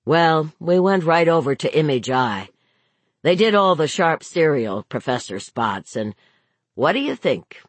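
A reserved, tired husband talks in a careful, guarded way, as a woman narrator puts him on. His voice sits low and husky, and he speaks slowly. The sound is dry and close. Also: big pitch swings, no echo, exaggerated voice. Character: weary reserved adult husband.

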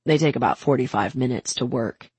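A woman voicing a brash, doting older man who talks in a brisk, bossy, affectionate way. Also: extremely low pitch, a little mellow, husky, dry recording, pitched below the performer's own voice, full character voice. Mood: coaxing.

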